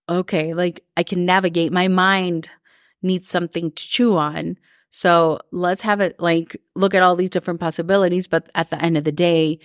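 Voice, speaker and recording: A woman with a slightly low voice talks to her listeners in a loose, chatty way. She fills her sentences with "like" and coaches them toward what they want. The sound is dry and close, with no room around it. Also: dry recording. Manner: chatty, lots of "like", quick put-on voices for others. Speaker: coach and podcast host. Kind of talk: casual live-recorded talk.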